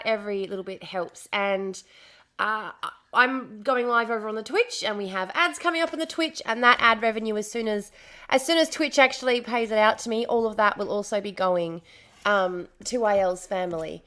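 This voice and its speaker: An Australian woman chatting casually on a live stream, slightly hoarse from a lost voice, repeating herself as she greets viewers. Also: mid-range voice, normal speed, pushed and bright.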